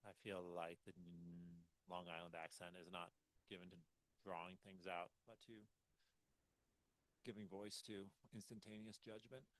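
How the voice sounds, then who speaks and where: A man's voice: deep voice, little pitch movement, measured pace, fairly bright tone, no echo, low-quality recording. A man hosting a podcast, chatting casually with thoughtful, wry asides into a close mic. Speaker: podcast host. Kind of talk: casual chat.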